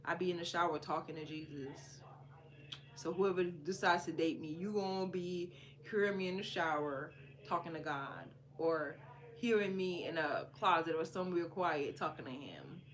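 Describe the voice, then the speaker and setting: A woman from Jamaica hosting a podcast, telling a personal story in a casual, animated way and repeating phrases for emphasis. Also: lowish voice, normal speed. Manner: animated, repeats phrases for emphasis, swings between hushed and loud. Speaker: podcast host.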